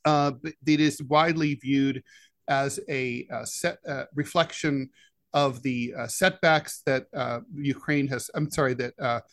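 A man co-hosting a political discussion podcast who talks in a halting way, with many "uh" fillers between phrases. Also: mid-range voice, steady tone, fairly bright tone, dry recording. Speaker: podcast co-host, editorial cartoonist.

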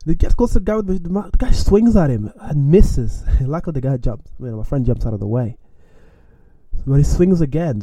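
A young man from Australia telling a frightening personal story in a casual, animated way, often ending phrases with "man". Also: on the high side, fairly quick, no room sound. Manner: animated, self-mocking, acts out his own panic; repeats lines and ends phrases with "man". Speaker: podcast storyteller.

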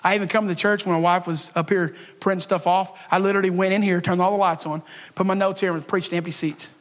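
A man's voice: sits high, steady tone, fast talker. A man preaching a casual, emphatic sermon as pastor, talking to the congregation and acting out his prayers to God. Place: church sanctuary. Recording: long reverb of a church hall.

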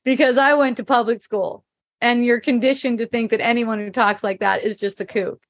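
Middle-aged woman, fairly high voice, dry close sound, casual spiritual chat, laughs a lot, swears. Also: moderate pace, dry recording. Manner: laughs often, swears freely, animated and frank. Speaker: livestream host reading viewer comments.

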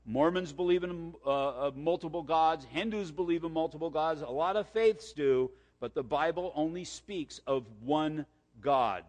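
Male pastor, slightly high voice, emphatic sermon and slow scripture reading, long hall reverb. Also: darkish tone. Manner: emphatic, repeats key points, reads scripture slowly.

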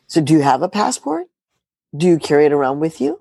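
A woman's voice: low voice, very animated, fairly quick, gravelly, mellow, husky, no room sound. A middle-aged woman journalist in an interview, talking emphatically and firing rhetorical questions with sarcastic asides. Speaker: journalist guest. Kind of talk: animated political interview talk.

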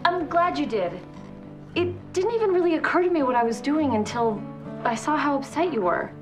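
An earnest, sincere young woman. Her high voice swoops up and down and she speaks slowly, with soft guitar music underneath. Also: expressive. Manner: heartfelt, halting thanks.

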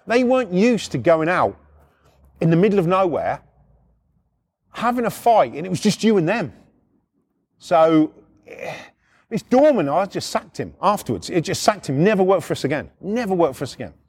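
A middle-aged man from the UK telling rough personal stories in a rambling, profane, lively way. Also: sits high, normal speed, long pauses. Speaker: storyteller. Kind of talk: casual anecdote.

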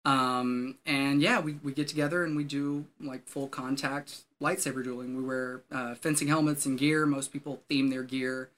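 A man's voice: mid-range voice, flat delivery, normal speed, hardly any pauses, fairly bright tone. A man guesting on a talk show, telling stories in a rambling way with many fillers and restarts. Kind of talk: casual storytelling.

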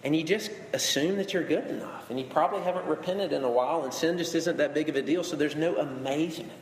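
A man in his thirties preaches in a slightly high voice, talking to the congregation in a casual way and repeating words for emphasis. His voice rings with a long reverb through a large hall, over a faint background hum. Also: fast. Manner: conversational, emphatic preaching with repetition. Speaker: pastor. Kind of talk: sermon. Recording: echoey hall with faint ambience.

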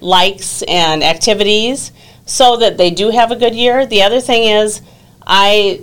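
A woman's voice: mid-range voice, unhurried, clear, resonant tone. A woman being interviewed as an exchange program coordinator, explaining things in a friendly way with fillers. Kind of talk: casual interview talk.

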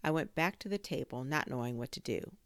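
A woman reads a children's chapter book with low, slightly gravelly tones. Her delivery is expressive and animated, rising and falling widely. The recording is close and dry. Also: fairly quick, no room sound. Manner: expressive storytelling. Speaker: audiobook narrator. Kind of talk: children's audiobook narration.

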